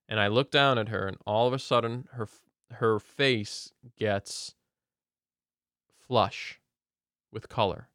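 A man's voice: lowish voice, takes it slowly, long pauses, fairly bright tone, no echo, studio quality. A man earnestly sharing a personal faith testimony in casual conversation, often restarting his sentences.

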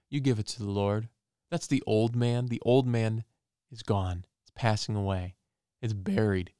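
Guy preaching his testimony, kinda low voice, smooth and resonant, says stuff twice for emphasis. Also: a little mellow, no room sound, studio quality. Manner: earnest, repeats phrases for emphasis.

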